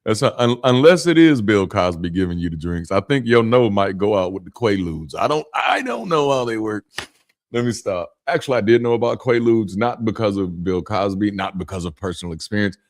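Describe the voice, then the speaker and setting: A man's voice: fairly low pitch, fairly quick. A man in his thirties from the Southern US with a Southern accent, hosting a casual live chat and telling jokey stories. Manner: animated storyteller, jokey, laughs often. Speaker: host.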